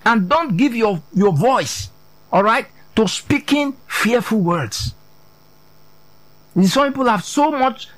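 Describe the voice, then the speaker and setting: Lively high-pitched male preacher. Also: no echo, poor audio. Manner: repeats "are you getting this?" to the congregation; emphatic, drops low on key words. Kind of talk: sermon.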